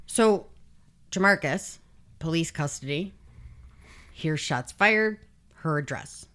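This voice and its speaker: Her low voice is animated, slow and a bit bright as she hosts a podcast. She tells a true crime story casually and bluntly, swearing freely while reading out quotes.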